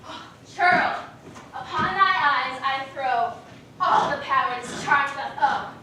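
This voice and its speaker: A woman's voice: high-pitched, expressive, slow. A woman playing a mischievous sprite servant on stage, declaiming verse in a distant, echoey, noisy recording. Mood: commanding. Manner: declaiming verse, hushed then loud. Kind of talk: stage play acting.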